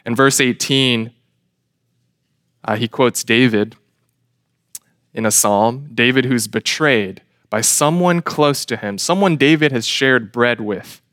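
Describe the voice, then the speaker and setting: Man preaching, earnest and emphatic, mid pitch, dry recording. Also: slow pace, long pauses, a bit bright, no echo. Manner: earnest, emphatic, with rhetorical questions. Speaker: pastor. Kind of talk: sermon.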